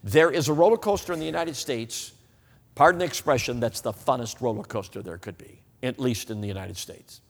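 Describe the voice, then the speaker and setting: A man's voice: mid-range voice, fairly quick. A man preaching a humorous, folksy sermon, telling stories and often asking the audience whether they know what he means. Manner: folksy, animated, asks the audience. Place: church hall. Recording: reverberant hall.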